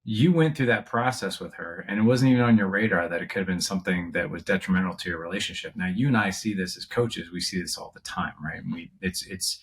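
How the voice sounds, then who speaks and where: A man's voice: low-pitched, fast talker, few pauses. A man hosting a podcast interview, a coach who speaks in an earnest, reflective way. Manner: reflective, earnest, explains at length. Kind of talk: interview conversation.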